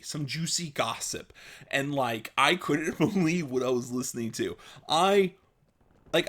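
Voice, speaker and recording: Animated, excitable man telling a story. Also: on the high side. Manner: excitable, animated retelling with frequent fillers. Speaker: vlogger. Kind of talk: casual storytelling.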